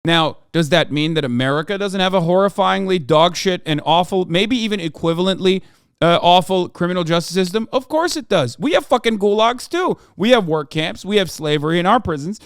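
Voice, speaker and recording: A man hosting a livestream, ranting at his chat in a profane, sarcastic, heated way, sometimes shouting. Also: lively intonation, brisk, clean tone, no room sound, studio quality. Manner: shouts and raises pitch when ranting. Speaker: livestream host reacting to chat. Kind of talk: casual livestream rant.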